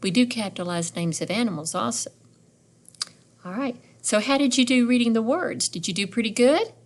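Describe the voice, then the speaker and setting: A woman's voice: fairly high pitch, normal speed. A middle-aged woman teaching a phonics lesson to young readers, sounding out letters and words one by one and asking encouraging questions.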